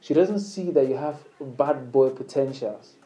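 In a rough recording, an unhurried man with a dark voice gives instructive flirting tips straight to camera in a casual way. When he demonstrates example lines, his voice lifts into a higher, playful register.

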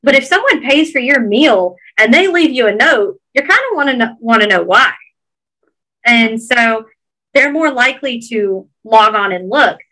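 Woman, Georgia Southern accent, earnest and encouraging, higher voice, bright tone. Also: lively intonation, moderate pace, rough recording. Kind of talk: casual podcast chat.

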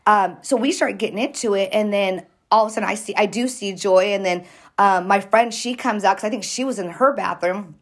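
A woman telling a story in casual chat with friends, animated and profane, acting out what people said. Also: medium pitch, brisk. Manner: animated, profane, acts out quoted lines. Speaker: storyteller recounting a fight.

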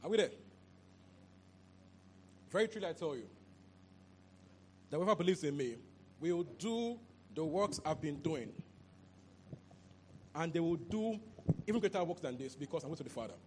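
A man preaching a sermon into a handheld mic, animated and repetitive, often asking if the listeners understand. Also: on the high side, normal speed, long pauses, a little hiss or hum. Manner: animated, repeats phrases, asks "you understand?". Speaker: pastor.

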